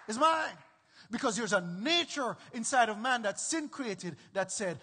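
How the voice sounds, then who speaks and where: A man's voice: extremely high pitch, animated, a little slow, sharp tone, big-room sound, a faint crowd. A man preaching a sermon as pastor, emphatic and repetitive, often checking in with his listeners.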